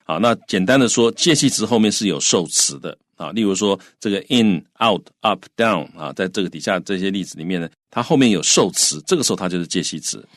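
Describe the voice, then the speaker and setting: A man's voice: sits low, animated, fast, few pauses, no echo, studio quality. A man co-hosting a bilingual English lesson, explaining grammar patiently with frequent fillers.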